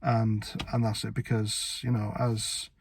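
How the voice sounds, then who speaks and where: A man's voice: on the low side, flat delivery, slow, gravelly, slight background noise. A British man giving a blunt, indignant political rant to camera as a vlogger, with sarcastic asides. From Britain.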